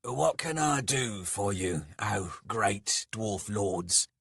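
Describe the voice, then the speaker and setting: A man's voice: fairly low pitch, lively intonation, extremely slow, creaky, fairly bright tone, slightly rough, no echo, studio quality, heavily acted. A man voicing cool, cunning dwarf Skalg. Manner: cool, controlled, mock-submissive. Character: injured, cunning male dwarf hero, outwardly meek. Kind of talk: audiobook character voice.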